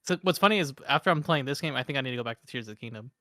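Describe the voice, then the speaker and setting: A man's voice: medium pitch, expressive, very fast, sharp tone, dry recording, studio quality. A young man co-hosting a gaming podcast, rambling casually with lots of "like" fillers. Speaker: podcast co-host. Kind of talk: casual chat.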